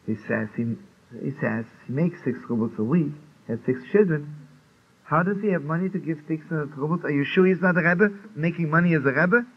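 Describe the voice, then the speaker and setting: A man's voice: on the high side, a little fast, husky. A man telling a Hasidic story, acting out the dialogue and laughing often. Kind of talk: storytelling talk. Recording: tinny lo-fi archive recording with faint hiss.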